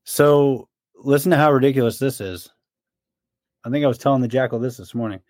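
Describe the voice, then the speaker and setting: Podcast co-host, young adult man, mid-pitched, dry close recording, chatty storyteller who acts out his buddy's complaints. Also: brisk, dry recording. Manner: animated storyteller, mimics his friend's complaints. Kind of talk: casual storytelling chat.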